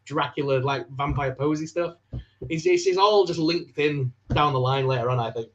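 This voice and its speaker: A man's voice: fairly high pitch, moderate pace, dull audio, slight background noise. A man co-hosting a casual live-stream chat, rambling with lots of fillers. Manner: rambling, many fillers and restarts. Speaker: co-host, toy reviewer. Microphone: video call.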